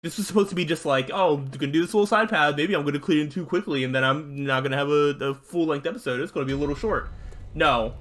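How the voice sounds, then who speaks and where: A young man giving casual let's-play commentary, frustrated and swearing at the game, with outbursts and low muttering. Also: quick pace, fairly bright tone. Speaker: gaming streamer.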